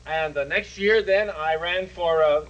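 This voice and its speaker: A man's voice: a little high, a little slow, fairly bright tone, muffled recording. A man voicing a boastful, good-natured male dragon who keeps running for office, talking in pompous rambling patter for a TV puppet show. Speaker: puppet character. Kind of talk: 1970s TV puppet comedy.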